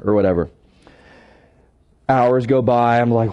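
A man with a fairly high voice tells a self-deprecating story in a sermon. He is animated and keeps checking in with his listeners through short tag questions. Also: a little fast, highs cut off. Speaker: church staff member sharing a testimony.

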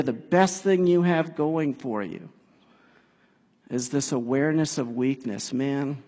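A man preaching a sermon in a casual, animated way, building to emphatic peaks. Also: on the high side, husky. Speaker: pastor. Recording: long hall reverb.

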